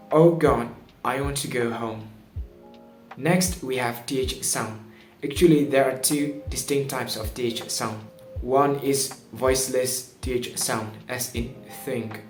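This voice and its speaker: A man teaching pronunciation at a slow, careful pace, over-enunciating each example word. His voice sounds roomy and echoey, with faint music playing behind him. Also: mid-range voice.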